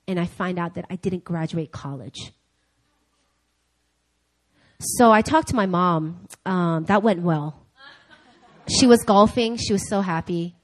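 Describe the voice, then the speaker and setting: Young woman preacher, lively storyteller who voices each person in her story. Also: on the low side, slow, long pauses. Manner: animated storytelling, acting out dialogue in different voices. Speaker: speaker. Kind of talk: sermon storytelling. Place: church.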